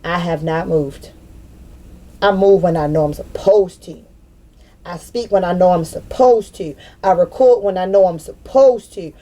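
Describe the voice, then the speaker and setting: A woman in her thirties rants unscripted to camera on her spiritual vlog, cursing freely, speaking bluntly, and repeating lines for emphasis. Her voice sits on the low side, dark in tone, and unhurried.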